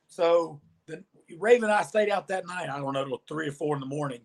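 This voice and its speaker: A man with a somewhat high voice tells stories as a podcast guest. He is animated and chatty, and he acts out other people's lines as he goes. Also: fast, creaky, few pauses. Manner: animated storyteller, acts out quoted dialogue. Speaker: podcast guest, former pro wrestler. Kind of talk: storytelling interview answers.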